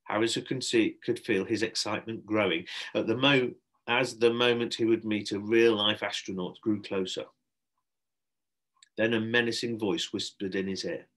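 A man, a primary school teacher, reading a children's book aloud with expressive narration. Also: on the low side, moderate pace.

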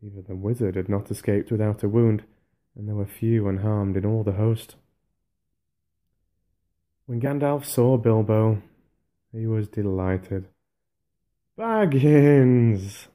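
Very mellow, calm male audiobook reader. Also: fairly low pitch, measured pace, long pauses. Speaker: audiobook narrator. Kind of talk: soft audiobook reading for sleep.

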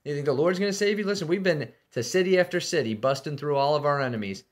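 A man's voice: high voice, expressive, moderate pace, pitched above the performer's own voice. Man putting on a taunting Assyrian commander. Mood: mocking. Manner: taunting, pushy, sneering questions. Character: boastful mocking ancient Assyrian field commander, male.

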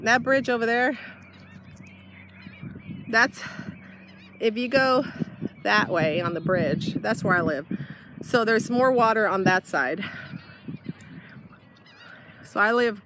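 Breathless woman chatting on a windy walk. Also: fairly high pitch. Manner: rambling, chatty, laughs often. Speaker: vlogger. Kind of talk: casual vlog chat while walking. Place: outdoors by a bay, windy. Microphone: handheld device held while walking. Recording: loud wind and outdoor noise. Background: wind, birds, dog.

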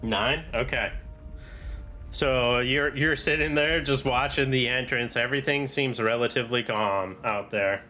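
Male game master, mid-pitched, casual narrating over faint music. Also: sharp tone. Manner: casual, halting descriptions with fillers. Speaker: dungeon master.

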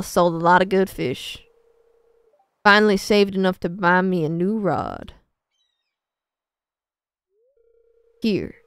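A woman's voice: medium pitch, clear, resonant tone, no room sound, studio quality, natural voice. A woman putting on a salty old sailor. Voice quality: put-on seafaring accent. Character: weathered older male sailor shopkeeper, hearty.

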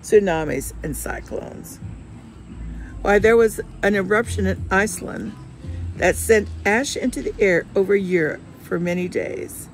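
A woman's voice: medium pitch, expressive, measured pace, faint music behind, poor audio. A woman reading the lines of an earnest, outspoken widowed former nurse, in an insistent manner.

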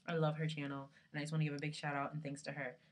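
A woman's voice: low-pitched, flat delivery, rapid-fire, a little hiss or hum. A young woman vlogging casually from her dorm room, rambling along with lots of fillers, her camera resting on her lap. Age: young adult.

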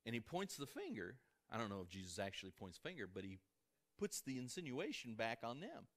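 A man with a Midwestern American accent, preaching a sermon to a congregation in a church, swinging between emphatic peaks and soft asides. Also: sits high, very animated, a little fast. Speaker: pastor. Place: church sanctuary before a congregation.

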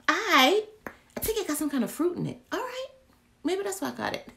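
A woman's voice: very high-pitched, sing-song, fairly quick, creaky, bright, forceful tone, slight background noise. A young woman, chatting casually through a candle haul, playful and often dropping into whispers as she talks to herself. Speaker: vlogger reviewing candles. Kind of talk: casual haul video chat.

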